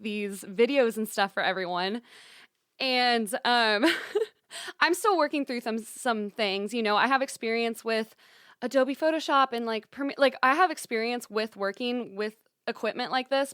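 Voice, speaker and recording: A woman's voice: on the high side, a bit bright, clean tone, no room sound, clean studio sound. Bubbly young woman podcast host. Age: young adult; 20s. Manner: bubbly, upbeat, says "y'all" and "you guys" often. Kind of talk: solo podcast monologue. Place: small recording studio.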